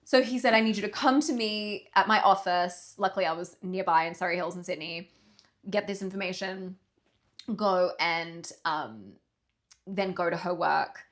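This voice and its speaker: With a fairly low voice at normal speed, a young podcast co-host recounts a story in relaxed conversation. She animatedly imitates the people she quotes and swears casually along the way.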